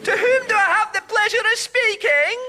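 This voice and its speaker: A man voicing an excitable, giggly Victorian male inventor in a radio comedy sketch. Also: very high voice, normal speed, exaggerated voice. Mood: giddy.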